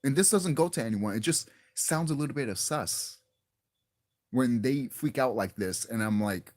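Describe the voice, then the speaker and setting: A man's voice: medium pitch, expressive, moderate pace, a little mellow. A young man ranting casually to his viewers as a wrestling vlogger, profane and exasperated, often restarting and repeating himself.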